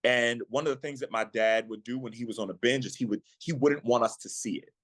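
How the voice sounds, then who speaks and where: A man on a podcast, earnestly telling a personal story of faith in a reflective way, slowing down at the emotional moments. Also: mid-range voice, no echo. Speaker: guest, actor and singer.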